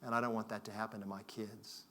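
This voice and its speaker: A man quoting a weary, hard-drinking oil field worker who speaks tersely and quietly. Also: lowish voice, little pitch movement, quick pace.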